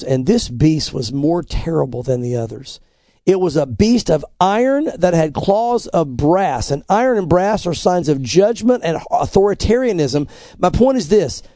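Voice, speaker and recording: A man's voice: high-pitched, warm tone, no room sound, clean studio sound. A middle-aged man, a pastor, giving emphatic, earnest commentary on news articles in a preaching style. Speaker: pastor, co-host.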